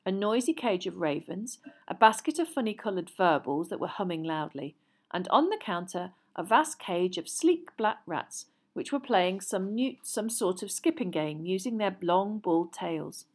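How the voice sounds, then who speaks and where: A woman narrating a children's fantasy story aloud in a measured, even way. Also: medium pitch.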